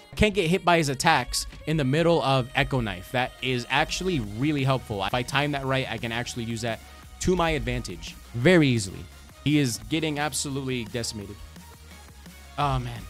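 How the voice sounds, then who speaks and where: Excitable young man narrating his gameplay. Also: fairly high pitch. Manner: excitable, talks to the enemy, frequent exclamations. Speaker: gaming YouTuber. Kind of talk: gameplay commentary.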